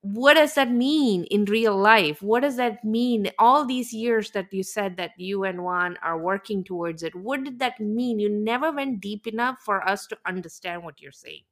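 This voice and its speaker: A woman's voice: medium pitch, normal speed, few pauses. A woman co-hosting a podcast, chatting casually and with strong opinions about reality TV, laughing often. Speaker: podcast co-host.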